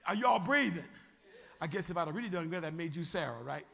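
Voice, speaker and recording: A man preaching a sermon as a bishop, animated and often asking the congregation whether they are still with him. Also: fairly high pitch, fast talker, gravelly, big-room sound.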